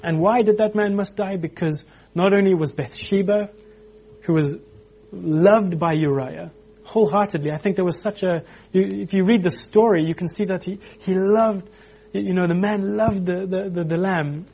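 Husky-voiced man preaching. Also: high-pitched, moderate pace. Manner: animated, acts out quotes, many restarts. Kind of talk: informal sermon.

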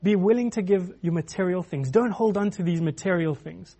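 A man's voice: high-pitched, brisk, mellow, breathy edge. A man preaching a sermon in a loose, conversational way, with many restarts and filler words.

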